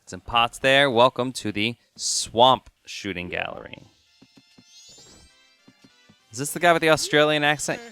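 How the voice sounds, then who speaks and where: Lively joking let's play guy. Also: mid-range voice, unhurried, pauses often, clean tone, soft background music. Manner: jokey, chatty, talks to the game. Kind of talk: casual gameplay commentary.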